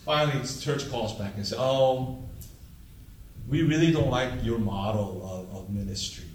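A man preaching a storytelling sermon as a pastor, acting out conversations with lively jumps in his voice. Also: moderate pace, a little hiss or hum. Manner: animated, acts out dialogue with big pitch jumps. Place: church sanctuary, heard from afar. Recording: echoey room, distant mic.

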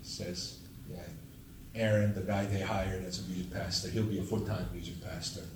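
Animated male pastor in an echoey church. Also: moderate pace, noisy background. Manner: animated, acts out dialogue with big pitch jumps. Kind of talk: storytelling sermon. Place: church sanctuary, heard from afar. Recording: echoey room, distant mic.

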